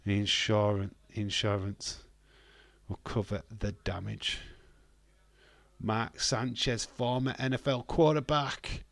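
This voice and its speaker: A man's voice: fairly low pitch, flat delivery, takes it slowly, gravelly, fairly bright tone, no room sound. A British man hosting a live watch-along, giving casual, blunt commentary and swearing freely. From Britain.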